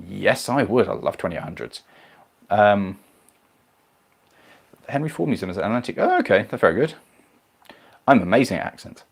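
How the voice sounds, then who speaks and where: A man's voice: fairly low pitch, expressive, moderate pace, creaky, pauses often, breathy edge. A man hosting a casual live stream, rambling and self-deprecating as he reads viewer comments.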